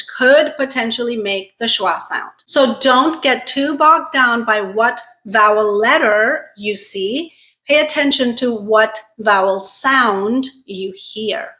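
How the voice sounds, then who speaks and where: Slow-spoken woman teaching English pronunciation. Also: fairly high pitch, a bit bright. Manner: slow and deliberate, drilling sounds three times, checks in with "okay?". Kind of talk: pronunciation lesson.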